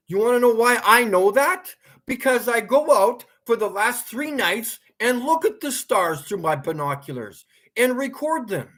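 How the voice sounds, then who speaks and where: A man delivering a heated vlog rant, swearing freely and lecturing his audience. He talks slowly and his pitch leaps up and down as he goes from scolding to laughing at himself. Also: very animated, fairly bright tone. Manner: angry, profane ranting, breaking into laughter; lecturing, repeats commands. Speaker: vlogger. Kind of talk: ranting monologue to camera.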